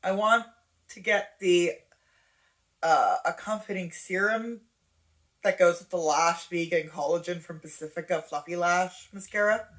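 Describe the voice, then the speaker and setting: A woman's voice: on the low side, measured pace, a bit bright. A woman giving candid, casual reaction commentary, chatty and wry. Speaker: commentary YouTuber.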